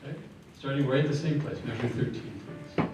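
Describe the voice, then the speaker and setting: A man leading a choir rehearsal, giving brisk feedback on phrasing and breathing, counting the singers in and singing short sample phrases. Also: medium pitch, fairly even intonation. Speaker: choir clinician. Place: large echoey rehearsal hall. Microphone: room recording from a distance. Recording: echoey hall from far off, faint noise.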